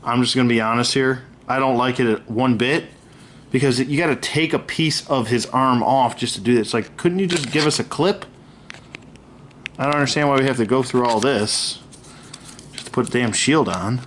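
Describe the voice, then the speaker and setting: A man's voice: mid-range voice, normal speed, a bit bright, a little hiss or hum. A man talks through an action figure review in a loose, unscripted way, voicing his gripes bluntly and cursing without a second thought. His sentences wander, restart and fill up with ums and uhs as he handles the toy. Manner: candid, griping, swears freely; rambling with many fillers and self-corrections.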